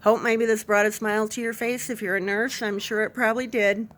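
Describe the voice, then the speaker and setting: A woman nurse casually telling a funny work story to camera, animated and self-deprecating. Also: a little high, fairly quick. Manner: animated anecdote, self-deprecating, laughs through it.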